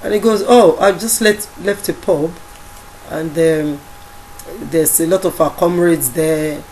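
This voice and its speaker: A woman with a Nigerian accent recounts events in a relaxed, conversational way, pausing often with fillers and restarting her sentences. Her voice sits on the lower side. A faint hiss of background noise runs under the recording. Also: low-quality recording. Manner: halting, many fillers and restarts, quotes others in dialogue. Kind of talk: casual spoken storytelling.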